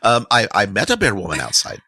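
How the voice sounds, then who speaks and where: A man voicing a gentle, kindly man who speaks softly and haltingly. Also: on the low side, wildly swooping pitch, gravelly, slightly rough, dry recording, studio quality, exaggerated voice. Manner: warm, soft-spoken, halting.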